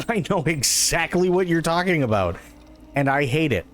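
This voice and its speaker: A man's voice: a little high, very animated, normal speed, faint music behind. A man ranting profanely in casual live-stream chat.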